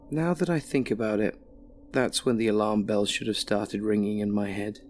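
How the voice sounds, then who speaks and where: Male narrator, first-person horror story, measured and dry. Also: on the low side, fairly even intonation, a little hiss or hum.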